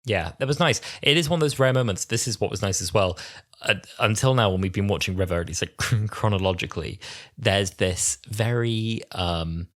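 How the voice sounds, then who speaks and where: Co-host, man, twenties, lowish voice, casual and playful. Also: moderate pace, fairly bright tone. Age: 20s. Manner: playful, acts out quotes in exaggerated voices. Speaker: podcast co-host. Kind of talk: casual chat.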